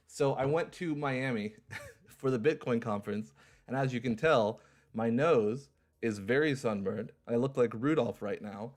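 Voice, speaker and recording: A man's voice: medium pitch, a little slow. A young man hosting a livestream in a casual, upbeat way, repeating his phrases like an auctioneer. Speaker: livestream host.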